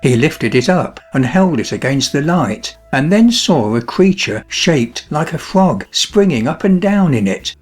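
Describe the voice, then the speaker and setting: A man narrating a fairy-tale audiobook in an expressive storytelling style. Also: fairly high pitch, measured pace, hardly any pauses, husky, faint music behind.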